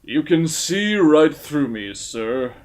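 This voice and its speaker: A man voicing an earnest, pompous male space hero in a comic audiobook reading, with slow, booming, self-serious declarations. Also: big pitch swings. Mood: solemn.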